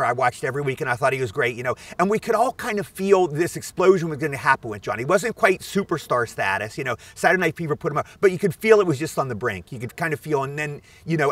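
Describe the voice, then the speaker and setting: A man's voice: a little high, no echo, distant mic. A man in his sixties, an actor guest eagerly telling anecdotes outdoors. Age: 60s. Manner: animated, eager storyteller. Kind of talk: anecdotal storytelling. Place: outdoors at a film location.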